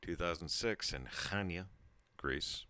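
A man's voice: low voice, takes it slowly, sharp tone, no room sound. A tipsy man in his thirties telling a rambling story to his channel, laughing and breaking off mid-sentence. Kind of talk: casual storytelling monologue.

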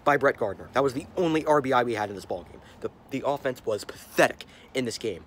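A man's voice: medium pitch, animated, quick pace, a little hiss or hum. A young man, a sports fan vlogger, ranting angrily to a handheld camera, repeating himself and stumbling over his words. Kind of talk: angry fan rant to camera.

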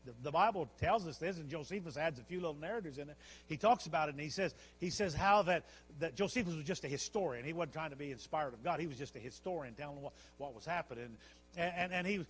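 A man pastor preaching a sermon, telling the story with animated repetitions. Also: on the high side, fast, husky. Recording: long church hall reverb.

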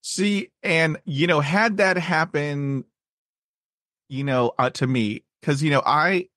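Halting man who stutters, podcast host. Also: a little high, bright, forceful tone, dry recording. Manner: halting, many fillers and repeats. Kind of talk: casual conversation.

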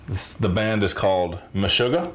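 A man's voice: lowish voice, lively intonation, normal speed. A man hosting a reaction video, chatting casually and explaining with fillers. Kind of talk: casual chat.

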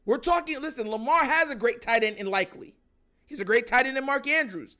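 A man hosting a sports show, ranting in animated, filler-heavy commentary about his team. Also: very high voice, brisk. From Jamaican family.

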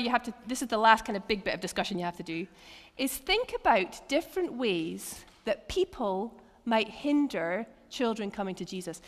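Woman preacher, interactive sermon, animated storytelling, bright lively pitch, long hall reverb. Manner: lively, animated storytelling with acted quotes and laughs. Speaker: preacher leading a church teaching session. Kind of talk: interactive sermon with table activities. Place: church hall.

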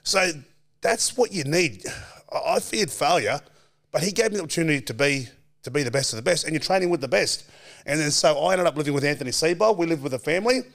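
An Australian man in his forties, a former footballer, telling animated stories as a podcast guest and acting out quoted voices. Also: a little high, fast talker, creaky. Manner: animated storyteller, acts out quoted voices, laughs often. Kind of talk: casual storytelling chat.

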